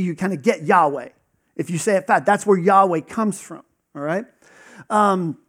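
A man preaching a conversational sermon, teaching casually with lots of fillers and acted-out dialogue. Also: high voice.

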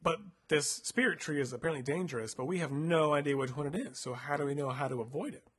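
A man's voice: fairly high pitch, fast, a bit bright, husky. A man casually narrating a choose-your-own-adventure story with a co-host, laid-back and playful, full of filler words. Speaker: co-host reading a gamebook.

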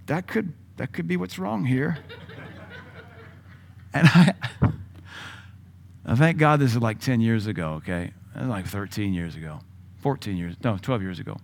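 A middle-aged male pastor preaching a sermon, telling a personal story with laughs and sudden swings in volume. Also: mid-range voice.

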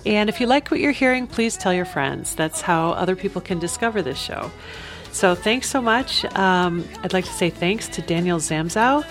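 Female podcast host, friendly outro, lowish voice, faint music underneath. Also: animated. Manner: friendly, brisk sign-off with listener calls to action. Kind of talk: show outro.

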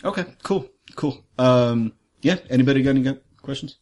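A man's voice: medium pitch, fairly quick, background noise. A man co-hosting a tabletop game podcast, talking casually with many restarts and fillers. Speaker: player and co-host. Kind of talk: post-session chat about a tabletop game.

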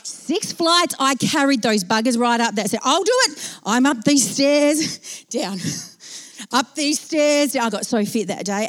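Animated woman telling a funny anecdote. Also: fairly high pitch. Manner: animated, self-mocking, acts out panic in quoted speech. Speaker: storyteller. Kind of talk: anecdote told to an audience.

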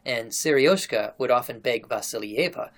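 Man, podcast host, casual storyteller, relaxed and chatty, mid-range pitch. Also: normal speed. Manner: relaxed, chatty, laughs between lines. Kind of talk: casual storytelling, retelling a historical account.

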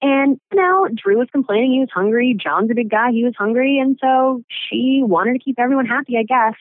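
A woman's voice: a little high, a little fast, no echo. Blunt, sarcastic woman guest, dry and tinny phone-line sound. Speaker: voted-out contestant guest. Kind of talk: phone interview. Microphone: telephone.

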